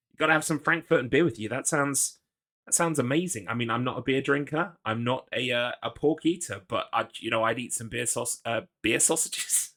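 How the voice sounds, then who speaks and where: Male streamer, bright voice, loose rambling chat, jokes at his own expense. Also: medium pitch, moderate pace. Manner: rambling, self-deprecating, reads chat aloud. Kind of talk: casual live-stream chat.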